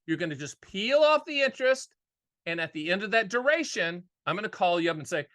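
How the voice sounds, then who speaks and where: A man hosting a casual monologue on annuities, energetic and jokey, repeating key phrases for emphasis. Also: high voice, brisk. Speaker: annuity agent and show host.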